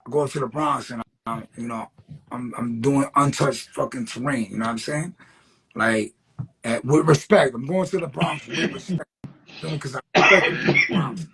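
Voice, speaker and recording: Over background noise, a mid-range male voice belongs to a graffiti writer telling street stories in a casual interview. He's loose, profane and streetwise, sprinkling in "you know what I'm saying."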